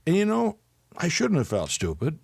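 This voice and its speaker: A man's voice: a little high, huge pitch swings, normal speed, creaky, a little mellow, breathy edge, dry recording. An older man, a psychologist and guest on a radio interview, telling a personal story as he tears up and laughs.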